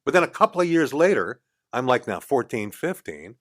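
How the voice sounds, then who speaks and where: An older man, a guest in a radio studio, telling a casual story in a lively way and acting out the voices of the people in it. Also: medium pitch, fairly quick. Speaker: podcast guest.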